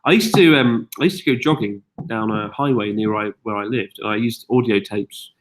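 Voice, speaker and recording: Tired British male host of a live Q&A stream; brisk, chatty, reads viewer questions aloud. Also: lowish voice, slight background noise. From United Kingdom. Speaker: YouTube host.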